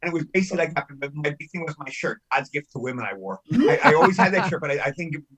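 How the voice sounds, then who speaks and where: An older man with a husky voice who talks fast and rambles, repeating himself and restarting sentences. His pitch is a little high, and he speaks frankly and casually as a guest on a podcast. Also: lively intonation, a bit bright, rough recording. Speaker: veteran actor, podcast guest. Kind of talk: casual chat.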